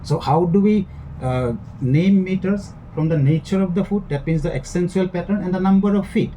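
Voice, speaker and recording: Male teacher lecturing in a mellow voice. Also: high voice, slight background noise, rough recording. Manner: explains slowly with many fillers and restarts. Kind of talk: recorded lecture.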